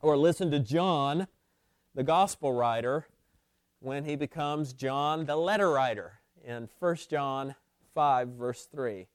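A man's voice: mid-range voice, slow, clear, resonant tone, no room sound, studio quality. A man preaching a sermon to his congregation, pressing points home by repeating key phrases, with frequent restarts. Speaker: pastor.

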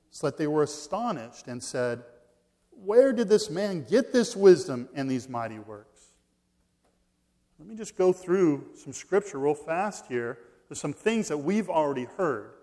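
A man preaching a sermon in a fairly high voice. He works through scripture verse by verse and hammers his points by repeating them. His delivery swings from loud stressed lines to quiet, soft endings. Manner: emphatic, repeats key phrases, swings between loud stresses and quiet drops. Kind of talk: expository sermon.

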